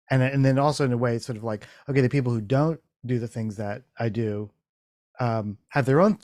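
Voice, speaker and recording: A man's voice: mid-range voice, a little mellow, no echo, studio quality. A man hosting a casual chat, telling a rambling story full of restarts and swearing, acting out his own thoughts in quotes. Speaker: podcast host.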